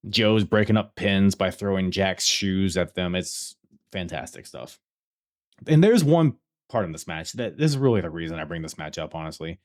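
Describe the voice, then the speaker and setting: A man hosting a casual wrestling review podcast, talking excitedly, laughing and swearing as he tells the story. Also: low-pitched, moderate pace. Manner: excitable, swears freely, laughs while telling. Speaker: podcast host.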